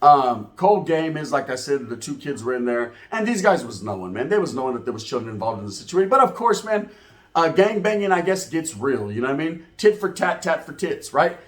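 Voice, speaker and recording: Animated, profane man telling street stories. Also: fairly high pitch, brisk. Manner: profane, slang-heavy, animated. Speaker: storyteller. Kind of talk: comedic street storytelling.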